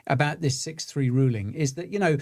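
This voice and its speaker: A man's voice: a little high, fairly quick, a little mellow. A man co-hosting a live crypto news show, reading chat comments with lots of ums and restarts and joking along. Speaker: co-host.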